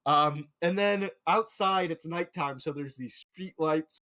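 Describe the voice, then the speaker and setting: Young male co-host with a slightly raised pitch; an eager, profane talker who rambles through scene recaps. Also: slow, sharp tone, slight background noise. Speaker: podcast co-host. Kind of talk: casual movie review chat.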